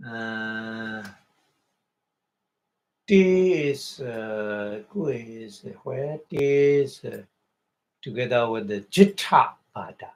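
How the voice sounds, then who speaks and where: Slow, halting Burmese-accented monk. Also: male voice, medium pitch, lively intonation. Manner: slow, halting, repeats and glosses words. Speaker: Buddhist monk teacher. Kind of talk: Dharma talk explaining Pali text.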